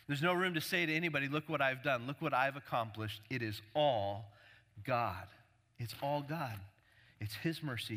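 A male pastor preaches with a bright, forceful voice that rises in pitch when he builds his point. He hammers key words over and over. His voice rings in a church sanctuary with a long reverb tail. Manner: emphatic, repeats key words, builds intensity. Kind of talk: sermon.

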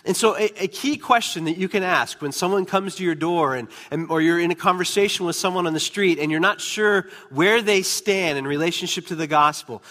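A man preaching a sermon as pastor, emphatic, slowing down and dropping to a hush on key words. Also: sits high. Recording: long reverb of a large hall.

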